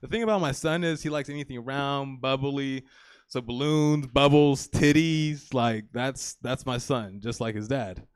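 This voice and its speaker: A man's voice: mid-range voice, measured pace, clear, resonant tone, dry recording, clean studio sound. A young man in his twenties doing a live stand-up set on a comedy theater stage, rambling and crude, with plenty of "you know" and "like".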